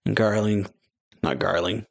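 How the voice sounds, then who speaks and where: A man's voice: on the low side, unhurried, gravelly. A man hosting a manga chapter reaction, talking casually with many fillers and laughing at his own slips.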